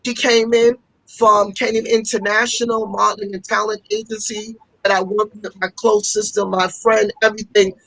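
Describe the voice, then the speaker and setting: A woman's voice: medium pitch, level tone, normal speed, fairly bright tone, no room sound, low-quality recording. A woman who runs a fashion school, speaking as an interview guest and telling stories with passion, often repeating herself for emphasis. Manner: passionate storytelling with repetitions. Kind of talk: casual interview talk.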